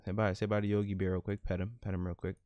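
Low-voiced, slangy male gaming host. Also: racing, dry recording, dull audio. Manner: animated, slangy, laughs at his own jokes. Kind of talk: casual let's-play commentary.

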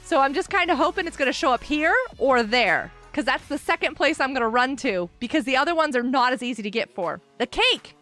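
A woman live-streaming a block-building game, excitedly chatting with viewers and cheering players on. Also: high voice, brisk, hardly any pauses, soft background music. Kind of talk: live Minecraft stream chat.

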